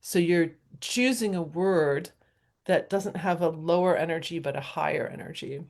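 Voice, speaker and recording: A woman's voice: on the low side, moderate pace, darkish tone. A middle-aged woman talking casually and thoughtfully about self-talk, with frequent fillers and small laughs. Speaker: speaker sharing self-help reflections.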